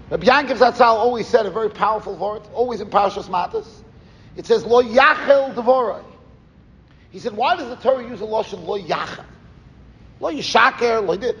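A man giving a Torah class as a rabbi, in a lively yeshiva-style lecture, telling stories and mixing Yiddish and Hebrew terms into his English. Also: high-pitched, big-room sound, slight background noise. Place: summer camp hall.

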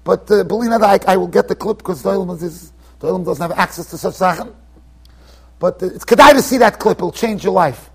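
A rabbi teaching a Torah class in a yeshiva, animated and emphatic, acting out the people he quotes with sudden loud bursts and quiet asides. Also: high-pitched, husky. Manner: swings between emphatic and quiet, trailing-off asides. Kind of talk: Torah lecture to students. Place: yeshiva study hall.

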